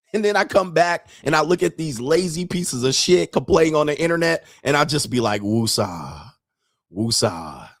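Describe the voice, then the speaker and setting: A man hosting a casual commentary show, talking bluntly and profanely, laughing often and rising into animated disbelief. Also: a little high, normal speed, pauses often, no echo, studio quality. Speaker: podcast host.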